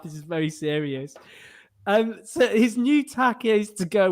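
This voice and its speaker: An exasperated man hosts a political discussion, rambling and restarting his sentences. His voice is lively and swoops widely, and it sits a little on the high side. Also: a little slow. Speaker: podcast host. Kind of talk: casual political chat.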